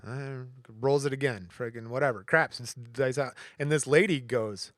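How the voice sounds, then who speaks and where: A man's voice: medium pitch, normal speed, no echo, studio quality. A man from Michigan, a podcast co-host, telling a long story in casual chat and acting out the other people's voices. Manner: animated storyteller, acts out quoted voices.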